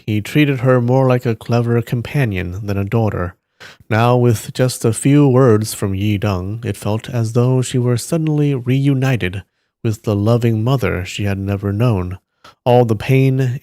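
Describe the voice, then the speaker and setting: Mellow-voiced man reading a novel live. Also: lowish voice, dry recording, clean studio sound. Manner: reads steadily, breaks off to react aloud. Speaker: live-stream reader.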